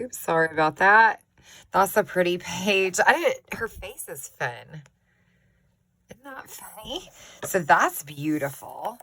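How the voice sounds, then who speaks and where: A woman's voice: lowish voice, vocal fry, fairly bright tone, poor audio. A woman crafter chatting casually as she shows off her book collection, gushing and giggling, recorded on a phone. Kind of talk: casual show-and-tell chat.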